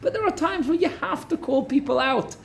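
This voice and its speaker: A man who is a rabbi, giving a Torah class as a lively storyteller who breaks in with joking asides. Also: extremely high pitch, a little fast, gravelly, slight background noise.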